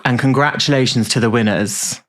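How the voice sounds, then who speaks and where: Male podcast co-host, mid pitch, playful and rambling. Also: a little fast, fairly bright tone. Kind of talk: casual chat.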